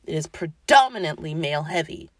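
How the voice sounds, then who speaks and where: A woman's voice: sits low, animated, a little fast, no echo. A woman hosting a podcast, ranting casually with profanity and sarcasm, often mock-quoting other people. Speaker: podcast host.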